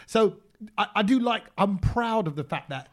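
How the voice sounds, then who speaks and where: A man co-hosting a podcast, telling an animated story in casual chat and acting out both sides of the conversation. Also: sits high, moderate pace. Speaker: podcast co-host.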